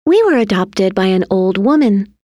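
A woman's voice: mid-range voice, sing-song, moderate pace, mellow, no echo, muffled recording, voice pushed up, natural voice. A woman voicing a pair of strange, cruel twin children who chant together in an eerie sing-song. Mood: spiteful.

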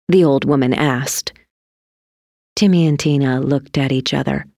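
A woman reading a children's story aloud in an expressive, deliberate storytelling manner. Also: a bass voice, vocal fry, dry recording, studio quality. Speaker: narrator.

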